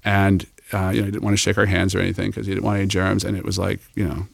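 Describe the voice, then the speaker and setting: A man telling a story as an interview guest, animated and acting out the people he quotes. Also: sits low, very fast, creaky, no room sound.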